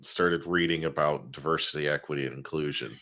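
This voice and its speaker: A man with a very deep voice chats about comics in a wry, joking way. He sounds amused and teases the material as he goes. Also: fairly even intonation, a little fast, pushed and bright. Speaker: co-host. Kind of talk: casual comic review chat.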